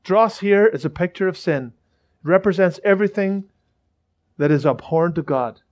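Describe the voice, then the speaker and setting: A man's voice: high-pitched, lively intonation, moderate pace, darkish tone. A male pastor preaching a sermon in church, fervent and repetitive, with many restarts.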